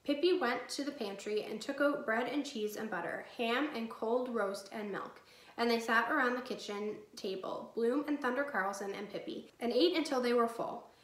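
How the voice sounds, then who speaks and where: A woman teacher reading a chapter book aloud to her class in a clear, steady storytelling voice. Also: a little high, normal speed. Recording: echoey room.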